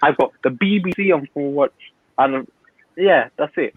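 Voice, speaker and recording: A man's voice: on the high side, slightly rough. Ranting young man on a tinny line. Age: young adult. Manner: loud, ranting, opinionated, quick asides. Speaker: guest pundit. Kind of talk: heated football banter. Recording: tinny dry phone-line audio.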